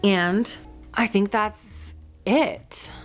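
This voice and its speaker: A young mother chats straight to her viewers in a loose, candid way, dropping "like" all over and swearing now and then. Her voice sits at an ordinary middle pitch for a woman. Soft music plays quietly behind her. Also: extremely slow. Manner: chatty, fills with "like", candid and swearing. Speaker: mom vlogger. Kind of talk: casual chat to camera.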